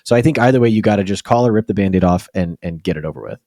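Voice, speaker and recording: Low-voiced man with dry wit. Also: lively intonation, very fast, dark tone, no room sound. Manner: dry, wry, gives advice. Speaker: podcast co-host. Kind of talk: casual comedic podcast chat.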